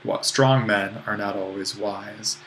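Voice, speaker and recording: A man's voice: lowish voice, steady tone, slow pace, fairly bright tone, a little hiss or hum. A man teaching, working through grammar exercises and patiently correcting himself as he goes, with a little dry humor. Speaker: Greek teacher.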